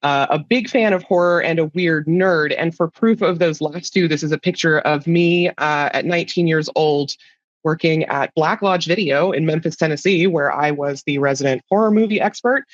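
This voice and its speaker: A woman's voice: low voice, normal speed, no room sound, highs cut off. A woman giving a casual, chatty talk as a guest speaker, informal and laid-back, sometimes swearing.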